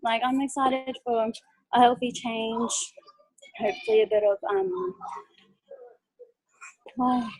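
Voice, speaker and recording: A woman's voice: fairly high pitch, steady tone, slow, pauses often, darkish tone, dry recording, low-quality recording. A young woman giving a nervous testimonial over a video call, hesitant and full of ums and likes. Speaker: guest speaker.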